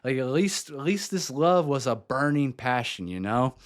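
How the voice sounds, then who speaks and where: A man's voice: medium pitch, very animated, normal speed. Chatty man reacting to music. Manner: enthusiastic, chatty, thinks aloud with fillers. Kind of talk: casual reaction commentary.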